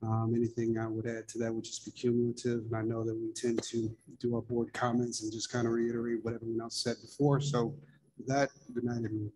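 A man's voice: medium pitch, completely flat delivery, brisk, a little mellow, a little hiss or hum, low-quality recording. A man on a school board giving brief, tired, formal closing comments at a late meeting.

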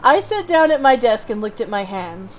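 A woman's voice: fairly high pitch, big pitch swings, normal speed, slight background noise, poor audio. A woman reading a visual novel aloud as co-host, giggly and casual. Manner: giggly, reads narration aloud.

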